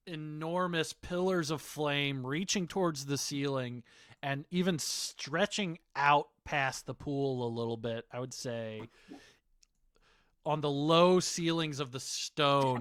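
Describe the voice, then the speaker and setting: A man narrating as game master of a tabletop game, unhurried and full of fillers. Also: on the high side, a bit bright, smooth, no echo, studio quality.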